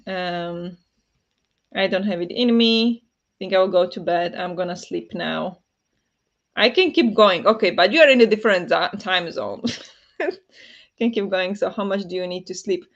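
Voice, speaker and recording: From home at night, a Flemish woman whose first language is Dutch hosts a casual livestream, laughing often and reading out the chat. Her voice is fairly low, with a Flemish accent and a moderate pace, and the recording has its highs cut off.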